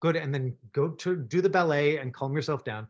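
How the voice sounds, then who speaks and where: A man's voice: fairly high pitch, brisk, muffled recording. A man from Canada coaching actors through self-tapes in a chatty, encouraging way, with plenty of fillers. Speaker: acting coach. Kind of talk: acting workshop instruction.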